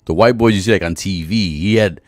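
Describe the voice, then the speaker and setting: A man's voice: low-pitched, brisk, dry recording, studio quality. A man co-hosting a podcast, teasing animatedly in casual chat. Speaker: podcast co-host.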